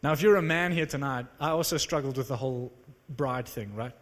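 A man preaching to a live audience, telling a story in an animated, conversational, self-mocking way. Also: mid-range voice, brisk. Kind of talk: sermon storytelling. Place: large hall with live audience. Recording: long reverb of a large hall.

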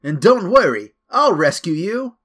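A man's voice: sits high, big pitch swings, measured pace, fairly bright tone, pitched above the performer's own voice, exaggerated voice. A man voicing a cocky young male hedgehog hero from a video game, upbeat and brash.

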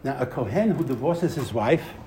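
Animated man telling a Torah story. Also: medium pitch, moderate pace, a little hiss or hum, rough recording. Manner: animated, repeats phrases for emphasis, uses Hebrew and Yiddish terms. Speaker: rabbi giving a class.

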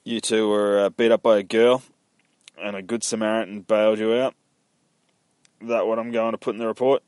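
Sarcastic small town sheriff read by a guy, low voice, dead dry sound. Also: little pitch movement, normal speed, a little mellow, smooth, no echo, close to an everyday voice.

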